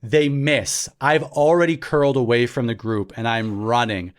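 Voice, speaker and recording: A man, a podcast host telling a story in a lively way and laughing often as he goes. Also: mid-range voice, normal speed. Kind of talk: casual storytelling.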